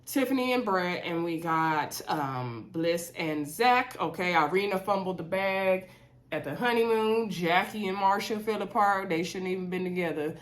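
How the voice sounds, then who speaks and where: A chatty, opinionated woman, talking through a reality show recap for her channel. Her pitch sits in a middle range, and she rambles casually with plenty of "um" and "like" and quick asides.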